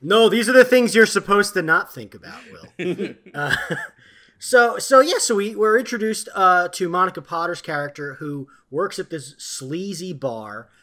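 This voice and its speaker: A man co-hosting a podcast, recapping a film in a meandering, halting way with many fillers. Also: high voice, expressive, bright, forceful tone. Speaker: podcast co-host. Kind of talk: casual chat, recapping a film.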